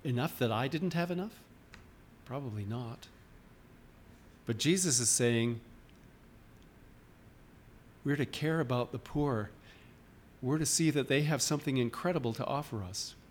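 A man's voice: medium pitch, a little slow, pauses often, a little hiss or hum. A man preaching a sermon in a church, informal and questioning, often restarting his sentences. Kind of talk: conversational sermon.

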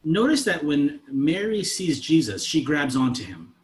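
A man's voice: a little high, unhurried. Conversational man preaching a sermon. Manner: conversational, lively, shifts between soft asides and emphatic lines. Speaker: pastor.

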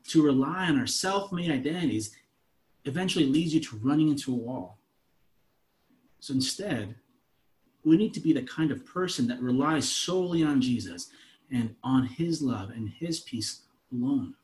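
A man's voice: a little high, moderate pace. Conversational man preaching a sermon. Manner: conversational, lively, shifts between soft asides and emphatic lines. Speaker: pastor.

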